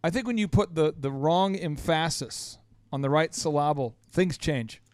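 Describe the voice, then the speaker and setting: A man's voice: fairly high pitch, normal speed, clean tone, dry recording, studio quality. A man hosting a business podcast, teasing his guest in playful, exuberant banter. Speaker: podcast host. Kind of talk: lively radio show banter.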